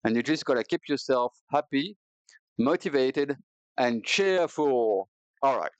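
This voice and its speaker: A man's voice: medium pitch, lively intonation, measured pace, no room sound. A man chatting casually while streaming a video game, rambling and joking at his own expense, recorded on a cheap headset. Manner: rambling, playful, self-mocking. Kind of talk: casual gaming stream chat. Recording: dull lo-fi headset audio.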